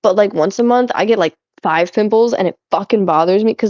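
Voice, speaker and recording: A young woman streaming, chatting casually with her chat and swearing a lot, animated and giggly. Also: medium pitch, brisk, dry recording, highs cut off. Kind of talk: casual chat reading chat while cleaning.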